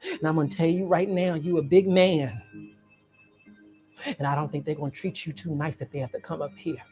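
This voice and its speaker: A woman's voice: sits low, fairly even intonation, moderate pace, darkish tone, soft background music. A woman telling a personal story, dramatic and vivid, acting out each scene and calling the listener honey. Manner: dramatic, acts out scenes and voices.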